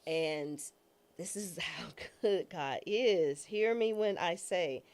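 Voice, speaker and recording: A woman's voice: lowish voice, lively intonation, slow pace, darkish tone. A woman judge as an interview guest, telling a personal story in a candid, slangy, self-mocking and dramatic way. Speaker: interview guest, judge and former public defender.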